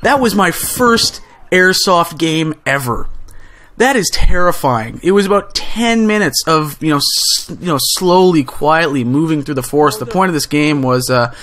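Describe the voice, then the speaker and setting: A young man tells a story in a relaxed, casual way. His voice sits a little on the high side, and he gets more and more excited as he rambles along. He keeps stumbling over fillers and restarting his sentences. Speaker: gaming channel host.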